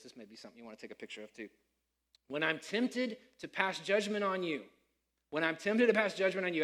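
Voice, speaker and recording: Man, pastor, sermon, high voice, animated delivery, acts out voices. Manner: animated preaching, acts out quoted speakers.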